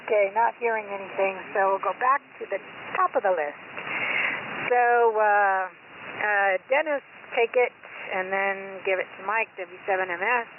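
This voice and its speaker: Chatty woman over static-filled radio. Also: mid-range voice. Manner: chatty, laughing, joking asides. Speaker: net control operator. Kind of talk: ham radio net chat. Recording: tinny radio audio with loud static.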